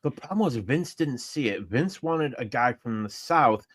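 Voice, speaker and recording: Brief: New York man, podcast co-host, jumps in quickly, emphatic agreement. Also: medium pitch, lively intonation. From upstate New York. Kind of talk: casual wrestling discussion.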